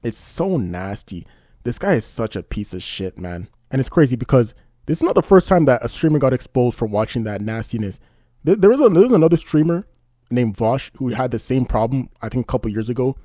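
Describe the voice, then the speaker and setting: A man's voice: medium pitch, big pitch swings, brisk, dark tone, no echo, studio quality. A man doing casual online commentary, indignant and rambling, often asking "you know what I mean". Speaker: commentary YouTuber.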